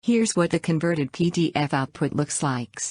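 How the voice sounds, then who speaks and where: Low-voiced woman reading tutorial steps. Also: moderate pace, dry recording, clean studio sound. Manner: even, instructional, spells out acronyms letter by letter. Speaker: tutorial narrator. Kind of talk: scripted step-by-step narration.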